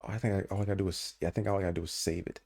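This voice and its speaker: A man's voice: low-pitched, fairly even intonation, very fast, a little mellow. A man co-hosting a casual podcast, teasing his friend with mock outrage and playful banter over a call. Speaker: podcast co-host.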